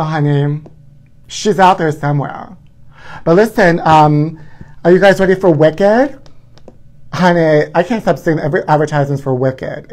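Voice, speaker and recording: A man's voice: fairly high pitch, a little mellow. A man hosting a live stream, chatting in a campy, gossipy way and calling his viewers honey. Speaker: livestream host.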